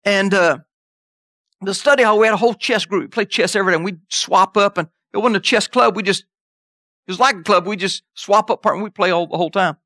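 A man preaching an animated sermon who reads scripture aloud and jumps into high voices for emphasis. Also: brisk, no room sound, clean studio sound.

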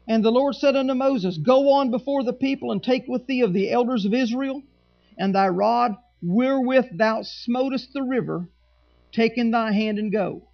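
A male pastor preaching in a church, his voice strikingly high with a gravelly edge. He mixes scripture reading with dry, sarcastic asides to his congregation, and the recording sounds dull and lo-fi. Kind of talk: sermon.

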